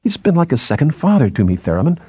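A troubled, pleading astronomer, as a male narrator puts him on, his husky voice climbing into high, strained peaks as he frets over his old mentor. The delivery swings widely in pitch and sits close and dry. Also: sing-song, fast, mellow, dry recording. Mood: anguished. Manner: distressed, pleading, voice rising high.

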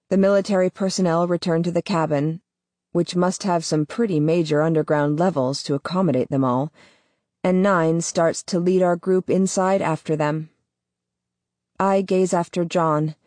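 A woman narrating a first-person audiobook in a measured, tense way. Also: low voice, darkish tone, dry recording.

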